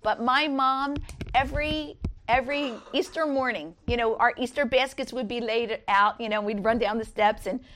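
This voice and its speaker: A woman's voice: fairly even intonation, moderate pace, a bit bright, slight background noise. A middle-aged woman giving an earnest Easter devotional talk, reading scripture and telling personal stories. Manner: earnest, rises high when voicing others.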